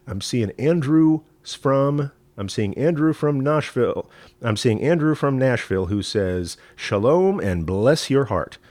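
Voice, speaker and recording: A rabbi from East Texas with a Southern accent, hosting a live-streamed teaching talk in a folksy, rambling way with many fillers. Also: male voice, medium pitch, no echo. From East Texas, USA. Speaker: rabbi and show host.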